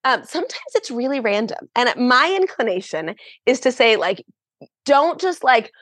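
A woman speaking as a podcast guest, an animated, chatty storyteller who pokes fun at herself. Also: on the high side, moderate pace, breathy edge, no echo. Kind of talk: casual chat.

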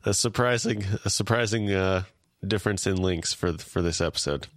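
A man's voice: low voice, moderate pace, dry recording, studio quality. A man co-hosting a podcast, congested from allergies, talking in an easygoing casual way and laughing often. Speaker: podcast co-host. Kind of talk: casual podcast review chat. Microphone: remote call microphone.

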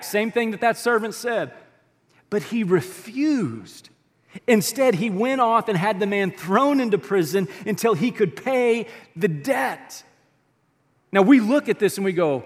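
Animated preaching man in a reverberant auditorium. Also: high voice, unhurried. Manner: animated preaching, swings from loud to hushed. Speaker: pastor. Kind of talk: sermon. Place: church auditorium. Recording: long reverb of a large auditorium.

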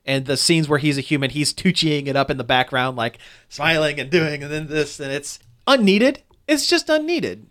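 A man's voice: a little high, normal speed, fairly bright tone. A man in casual chat reviewing a film, rambling with restarts and fillers as he goes. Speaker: movie reviewer.

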